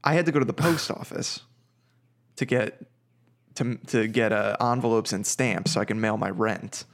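A man's voice: lowish voice, normal speed. Podcast guy rambling through a story, swearing a lot. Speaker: podcast co-host. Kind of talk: casual chat.

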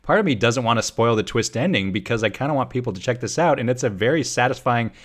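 A man's voice: medium pitch, lively intonation, fast. A man co-hosting a podcast, chatting casually and enthusiastically about a movie he watched, laughing often and restarting his sentences. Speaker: podcast co-host. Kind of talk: casual film review chat.

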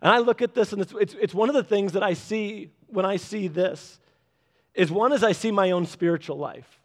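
A man in his thirties preaching a sermon, animated and acting out little voices as he speaks. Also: moderate pace. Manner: animated, acts out voices with big pitch jumps. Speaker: pastor.

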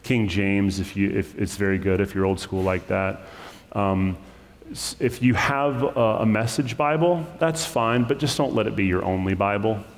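A pastor with a lowish voice preaches at normal speed in a large hall, explaining scripture to his congregation. His sermon is conversational, full of asides and self-corrections, and he is choked up with emotion.

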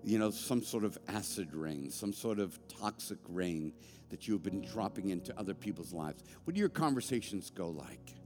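A man preaching a sermon as a pastor, animated and conversational, with joking asides. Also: sits low, moderate pace, long reverb tail, over music. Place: church sanctuary.

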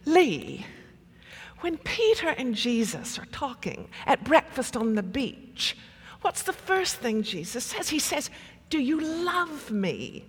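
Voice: high voice, sing-song, slow, fairly bright tone, breathy edge, long reverb tail, pitched above the performer's own voice, exaggerated voice. A preacher voicing an exuberant, hospitable female parishioner in an attempted South African accent, with emphatic, questioning delivery. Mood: earnest, insistent.

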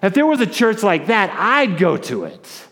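A man voicing a gruff, blunt middle-aged diner owner in a spoken story, with long hall reverb. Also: high-pitched, sing-song, normal speed, fairly bright tone, pitched above the performer's own voice, full character voice. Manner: blunt, offhand.

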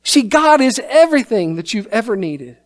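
A man with a very high-pitched voice preaching a sermon in a church sanctuary. He reads scripture and speaks emphatically, rising to exclamations. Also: very animated, normal speed.

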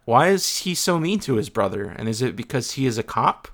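A man co-hosting a podcast who reads out listener questions in a dry, deadpan way. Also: mid-range voice, a little fast. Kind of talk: casual chat.

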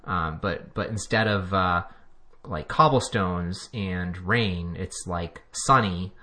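A man's voice: low voice, takes it slowly, bright, forceful tone. A man co-hosting a podcast in casual chat, rambling and chuckling as he talks. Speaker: podcast co-host.

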